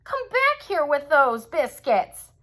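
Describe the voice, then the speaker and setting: Woman reads kind little girl talking to her puppy, sweet, slow, sing-song. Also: high-pitched, sing-song, pitched above the performer's own voice, heavily acted. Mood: gentle. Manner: sweet, coaxing, a bit brighter. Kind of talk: storybook read-aloud.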